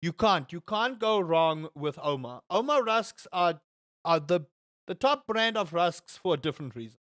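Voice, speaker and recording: Animated gaming streamer. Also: normal speed, dry recording, clean studio sound. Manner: animated, rambling, swears, jumps to high shouts. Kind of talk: casual live-stream chat while playing.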